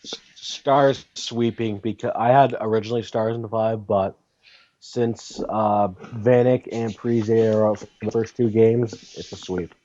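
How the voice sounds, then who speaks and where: A man co-hosting a podcast, chatting about hockey in a casual way, thinking aloud and getting animated. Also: lowish voice, measured pace. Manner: thinks aloud with fillers and restarts, then gets animated. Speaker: podcast co-host. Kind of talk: casual sports chat. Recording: dull lo-fi audio.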